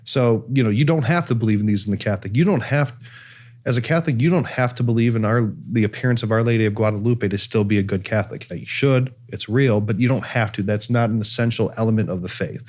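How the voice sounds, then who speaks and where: A man's voice: fairly low pitch, quick pace, darkish tone. Chatty male podcast host. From Cleveland, USA. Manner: chatty storytelling with many fillers and restarts. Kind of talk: casual chat.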